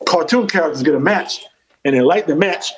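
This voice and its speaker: Animated, profane man telling a story. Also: a little high, fairly quick, noisy background. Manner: animated, profane, repeats himself. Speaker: comedian guest. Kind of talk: casual storytelling chat.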